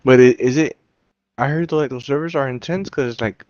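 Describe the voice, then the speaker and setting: A man's voice: mid-range voice, moderate pace, darkish tone, dry recording. A young man in casual chat, rambling and slangy, often laughing through his stories. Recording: dull, dry sound.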